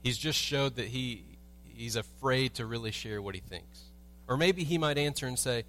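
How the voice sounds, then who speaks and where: A man's voice: mid-range voice, a little fast, few pauses, a bit bright, slight background noise. Conversational male pastor preaching. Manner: conversational, humorous storytelling with rhetorical questions. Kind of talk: sermon. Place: church sanctuary.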